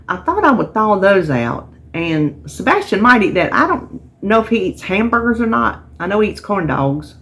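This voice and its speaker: A middle-aged woman, chatting casually and a bit tiredly to camera, rambling with restarts as she talks. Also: lowish voice. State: tired, yawning. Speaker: vlogger sharing a weekly menu plan.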